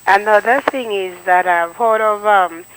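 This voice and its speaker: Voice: mid-range voice, a little slow, background noise. A caller phoning in to a radio show and giving earnest advice to listeners. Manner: earnest, advising. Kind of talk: call-in comment. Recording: tinny phone line.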